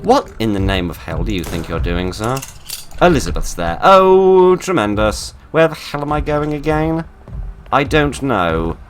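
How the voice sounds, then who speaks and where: A man narrating a game playthrough, with theatrical polite exasperation that swings from loud outbursts to quiet murmurs. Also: lowish voice, sing-song, normal speed, slight background noise. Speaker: gaming video host. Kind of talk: let's play commentary.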